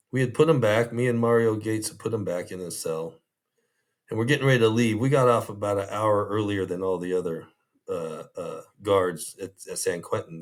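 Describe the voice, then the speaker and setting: A man, a former prison guard, telling rambling, easygoing anecdotes in an interview, full of restarts and fillers. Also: on the low side.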